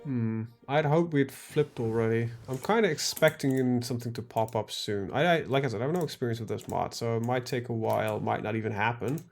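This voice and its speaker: A man's voice: mid-range voice, fairly quick, vocal fry, few pauses, soft background music. A man live-streaming a strategy game, talking casually to himself and his chat, full of ums and the odd swear word. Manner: thinks aloud, lots of ums, casual swearing.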